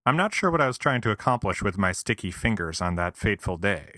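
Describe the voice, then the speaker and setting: A man reads a scripted comic essay, wry and self-deprecating, packed with mock-earnest asides. His slightly low voice has a bright, forceful edge, swings widely in pitch, and moves fast. The recording is close and dry, with no room sound.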